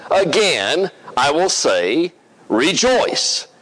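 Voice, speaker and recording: Casting note: male preacher, high and animated delivery, leads the congregation in song. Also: extremely slow, slight background noise, rough recording. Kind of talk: sermon with congregational singing.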